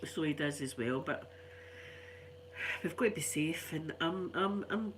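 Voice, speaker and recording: A woman's voice: low voice, unhurried. Brief: older Scottish woman, stuffy cold voice, rambling chatty delivery, faint hum behind. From Scotland. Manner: chatty, rambling, laughs often. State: stuffy, unwell. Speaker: ASMR channel host. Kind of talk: casual chat to viewers.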